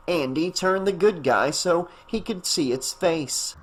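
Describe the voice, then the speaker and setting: A man narrating a horror audiobook in a steady, even voice. His voice sits a little higher than usual for a man. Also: measured pace. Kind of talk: scripted narration.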